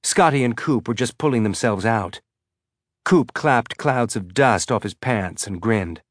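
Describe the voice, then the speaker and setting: A man's voice: mid-range voice, a little slow, no room sound. Man narrating a story, dry sound. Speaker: audiobook narrator. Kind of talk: scripted narration.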